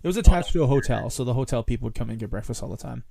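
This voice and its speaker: A man's voice: medium pitch, animated, very fast, gravelly, dark tone. A man hosting a podcast, casually telling a rambling story and laughing between lines. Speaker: podcast host. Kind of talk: casual chat.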